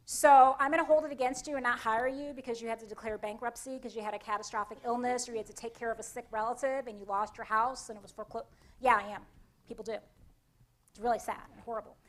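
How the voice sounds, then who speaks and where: A woman with a Connecticut accent presenting a conference workshop in a lively, conversational way, often putting questions to the audience. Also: fairly high pitch, fast talker.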